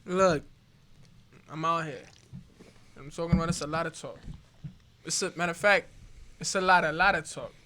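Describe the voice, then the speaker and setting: A man's voice: fairly high pitch, fairly even intonation, moderate pace, pauses often, sharp tone, a little hiss or hum. A man chatting as a guest, joking around in laid-back banter. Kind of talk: casual chat.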